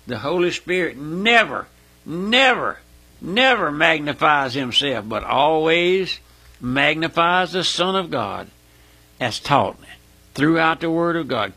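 A man preaching a sermon in a folksy, emotional way, often breaking into high pleading cries. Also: sharp tone, slightly rough. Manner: folksy, repeats "my friend" and "listen".

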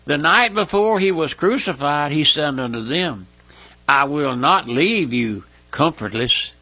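A man preaching a sermon in a folksy, emotional way, often breaking into high pleading cries. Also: lively intonation, measured pace, bright, forceful tone, husky. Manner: folksy, repeats "my friend" and "listen".

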